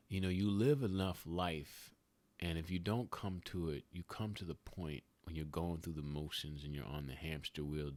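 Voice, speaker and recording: A middle-aged man hosting a podcast, talking in a motivational monologue, animated, with loud peaks and hushed asides. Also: sits low, no echo. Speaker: podcast host.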